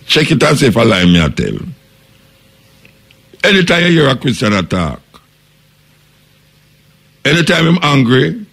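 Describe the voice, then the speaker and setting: Gravelly Jamaican man reasoning aloud. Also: medium pitch, a bit bright. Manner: preaching, posing rhetorical questions, quoting others in their voices. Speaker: radio talk show host. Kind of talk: reasoning monologue on radio.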